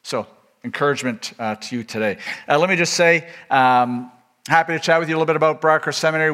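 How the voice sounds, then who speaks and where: A man's voice: medium pitch, fairly bright tone. A man giving a chapel sermon as a visiting seminary speaker, earnest and emphatic, with frequent filler words and restarts.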